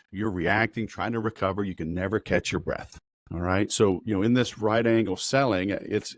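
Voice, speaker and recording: A middle-aged man coaching on sales in a rapid, casual talk full of fillers and analogies. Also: fairly low pitch, no room sound, studio quality.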